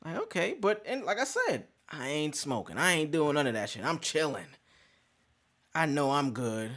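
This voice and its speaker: A male podcast host spinning a story in loose, cursing street slang. His pitch swings all over the place as he acts out every scene, leaping from low mutters to high yelps. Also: normal speed. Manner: animated, slangy and profane, acting out scenes. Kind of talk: casual storytelling.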